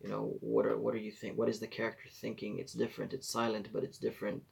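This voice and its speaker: A man's voice: fairly low pitch, completely flat delivery, fast talker, creaky, a little mellow, husky. A man, chatting casually on a live stream and giving rambling advice as he corrects himself. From Israel. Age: 40s.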